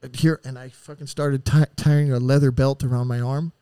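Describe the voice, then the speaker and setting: A man telling his rough story on a podcast, with an average pitch and a bluntly profane, animated way of talking. His voice is close and dry, with no room echo. He jumps into quoted voices as he retells what happened. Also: normal speed. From San Diego area. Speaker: podcast guest. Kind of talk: candid storytelling.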